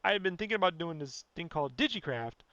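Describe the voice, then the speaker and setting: A man with a high, bright voice rants bluntly on his own podcast, swearing freely and circling back with "you know" again and again. The sound is dry and dull, like a lo-fi home recording. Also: expressive, quick pace, dry recording. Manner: blunt, profane, rambling, fillers like "you know". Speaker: podcast host. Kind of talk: casual podcast rant.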